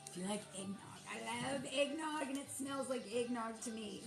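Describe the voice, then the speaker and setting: With a slightly high voice and a moderate pace, this woman rambles through a casual livestream chat full of fillers as she packs orders for her small soap business. The sound is roomy, and music plays in the background.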